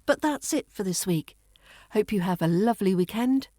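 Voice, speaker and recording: A woman's voice: medium pitch, lively intonation, dark tone, no room sound, clean studio sound. Poised British RP woman coaching. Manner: poised, precise and measured. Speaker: accent coach and podcast host. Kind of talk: scripted podcast lesson.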